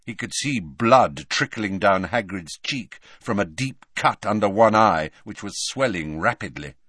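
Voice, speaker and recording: A man narrating a story in an expressive storytelling manner. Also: on the low side, a little slow, dry recording, clean studio sound. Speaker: audiobook narrator. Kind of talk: scripted narration.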